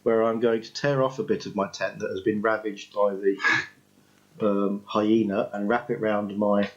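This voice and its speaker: A man's voice: on the low side, flat delivery, normal speed, darkish tone. A man narrates what his character does at a tabletop game, in a jokey way. The audio is dull and lo-fi. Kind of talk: tabletop roleplay narrating his own actions.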